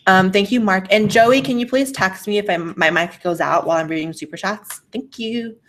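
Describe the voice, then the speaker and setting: A woman's voice: mid-range voice, moderate pace, fairly bright tone. A woman hosting a casual livestream and reading super chats aloud, blunt and profane, on a faulty mic that keeps cutting out. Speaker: livestream host.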